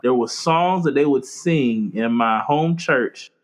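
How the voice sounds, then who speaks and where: A man's voice: mid-range voice, takes it slowly. A young man from Florida co-hosting a faith podcast, telling stories with lots of laughter and acted-out quotes. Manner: animated storyteller, acts out quotes, laughs often. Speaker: podcast co-host. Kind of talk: casual chat.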